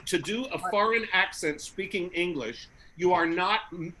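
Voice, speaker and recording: A man with a somewhat high, bright and forceful voice talks in a casual panel chat. He is animated and argumentative, and he fires back quick rebuttals. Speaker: comedian guest.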